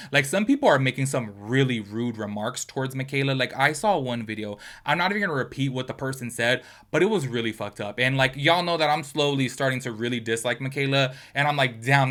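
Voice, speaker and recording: Guy doing drama commentary, talks quick, bright forceful voice, says what he thinks. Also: mid-range voice. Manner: blunt, opinionated, chatty. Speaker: commentary channel host.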